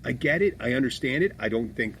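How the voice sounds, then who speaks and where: A middle-aged man talks in a loose, rambling way, animated and quick to swear. His voice sits mid-range for a man. A faint hiss runs under the recording. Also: medium pitch. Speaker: podcast co-host. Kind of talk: casual chat.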